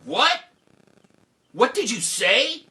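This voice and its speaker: A man's voice: very animated, normal speed, full character voice. A male storyteller voicing an old, sad king who is proud and explodes into sputtering rage. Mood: furious. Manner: booming, sputtering shouts when angry.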